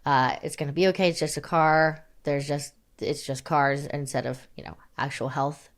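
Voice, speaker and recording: Deep-voiced and steady in tone, this young woman talks at a moderate pace. As a podcast co-host, she keeps the chat casual and rambling, putting herself down with humor and laughing a lot.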